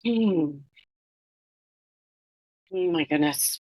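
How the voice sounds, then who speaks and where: A woman's voice: on the low side, extremely slow, darkish tone, poor audio. A middle-aged woman talking as an interview guest, reflecting casually with many fillers and restarts.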